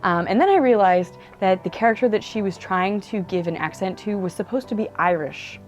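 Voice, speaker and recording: A woman's voice: mid-range voice, lively intonation, fairly quick, soft background music. A woman talking casually about books she has read, chatty and enthusiastic, with lots of "like" and "um". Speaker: book vlogger. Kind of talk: casual book review monologue. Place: indoors at home. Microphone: camera mic.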